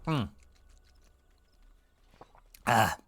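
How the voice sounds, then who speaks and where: Chatty bright-voiced male streamer. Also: drawn-out words. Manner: rambling, self-mocking asides. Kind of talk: casual gameplay chat.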